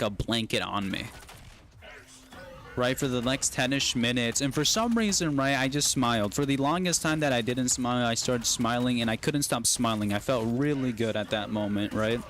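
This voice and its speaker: A man's voice: mid-range voice, fairly bright tone, slight background noise. Rambling young man telling a story. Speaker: streamer. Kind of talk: casual chat while gaming on a stream.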